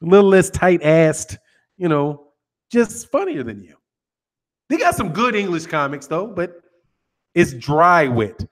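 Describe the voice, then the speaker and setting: A man's voice: on the high side, unhurried, pauses often. An American man hosting a boxing channel, chatting casually and reading viewer comments in a joking, profane way. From United States. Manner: profane, joking, lively with laughs.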